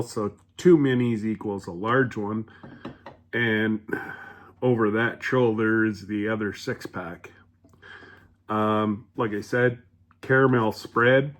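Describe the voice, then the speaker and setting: Man, very slow talker, rambling home cooking vlog, chatty, lots of ums. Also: medium pitch. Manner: rambling, chatty, many fillers and restarts.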